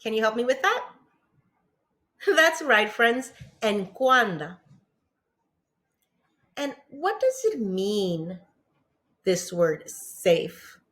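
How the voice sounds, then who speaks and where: Very slow, patient kindergarten teacher woman. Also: a little high, big pitch swings, bright, forceful tone. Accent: New York English. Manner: patient, pauses for pupils to answer, praises often. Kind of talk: slow, encouraging classroom lesson for young children.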